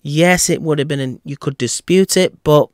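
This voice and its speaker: A man's voice: fairly high pitch, normal speed, dry recording, studio quality. A man hosting his own boxing talk channel, giving a casual, wry opinion piece on an upcoming fight, speaking in a put-on accent with playful theatrical asides. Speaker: boxing commentator and channel host.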